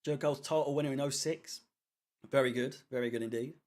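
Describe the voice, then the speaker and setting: A man's voice: mid-range voice, fairly even intonation, brisk. A man hosting a fan watchalong stream, chatting casually, rambling with fillers and the odd swear word. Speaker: fan channel watchalong host. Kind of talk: casual live-stream chat reading comments.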